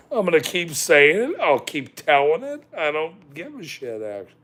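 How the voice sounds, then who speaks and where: A man's voice: on the high side, huge pitch swings, moderate pace, fairly bright tone. A man hosting a livestream, ranting and laughing, swearing often, insistent and repeating himself while he reacts to the chat. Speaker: livestream host. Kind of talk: casual livestream rant.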